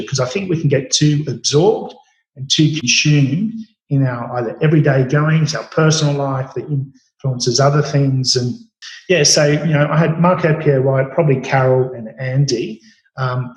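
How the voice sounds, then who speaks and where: A man in his late forties with an Australian accent, telling stories about his cooking career with many fillers and restarts. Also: mid-range voice. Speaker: chef guest. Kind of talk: storytelling interview. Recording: roomy echo.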